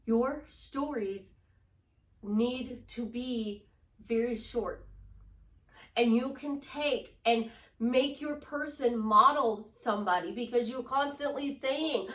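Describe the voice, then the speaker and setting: A woman from Chicago talks as a relationship life coach, slow and high-voiced with an upbeat, gushing manner. Her voice sits back from the mic. The room around her is echoey. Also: fairly bright tone, recorded from a distance. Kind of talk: motivational vlog talk.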